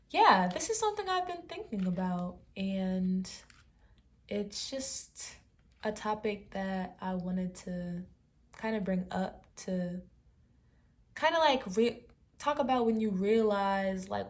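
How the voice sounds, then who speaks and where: A young woman in her twenties vlogging, talking straight to camera in a relaxed, chatty way with soft trailing asides. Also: mid-range voice, slow pace, long pauses. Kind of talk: casual talking-to-camera commentary.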